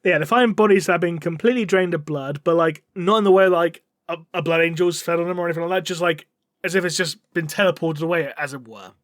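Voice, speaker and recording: High-voiced man recapping casually. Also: fast, dry recording, studio quality. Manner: rambling, swears, acts out characters' lines. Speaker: podcast co-host.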